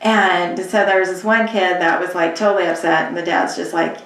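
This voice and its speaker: A woman co-host telling stories in a relaxed, conversational way. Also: fairly low pitch, a little fast. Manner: conversational, storytelling, frequent yeahs. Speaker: podcast co-host. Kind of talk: casual chat. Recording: very echoey, far from the mic.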